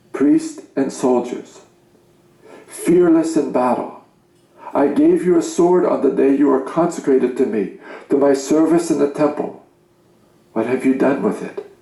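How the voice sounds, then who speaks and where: Man, grave slow reader, gravelly, roomy sound; scripture-style delivery. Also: mid-range voice, mellow. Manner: grave, commanding, measured delivery. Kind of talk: solemn reading of a religious message. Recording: roomy echo.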